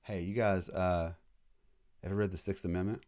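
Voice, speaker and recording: Man, history lecturer, casual classroom talk, lowish pitch, jokey. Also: fairly even intonation, normal speed, darkish tone. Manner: casual, jokey, acts out voices of historical groups.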